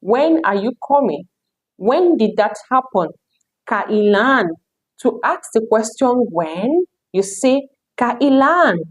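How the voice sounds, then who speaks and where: A young woman from Nigeria with a Nigerian accent, practicing words in a casual self-study video. Her pitch sits fairly high and swings widely as she repeats each word over and over, breaking into excited outbursts. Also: slow. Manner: repetitive drilling, bursts of laughter and excitement. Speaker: language learner vlogger.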